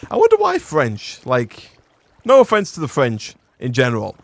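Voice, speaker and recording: A man's voice: mid-range voice, huge pitch swings, moderate pace, gravelly, dry recording. A young English man hosting a casual gaming chat who rambles into playful rants and laughs often. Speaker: gaming channel host.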